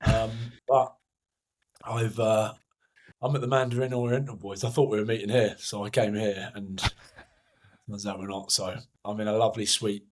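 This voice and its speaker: A man's voice: on the low side, steady tone, normal speed. A young man co-hosting a podcast, hungover, telling rambling, self-mocking stories in casual chat. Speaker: podcast co-host.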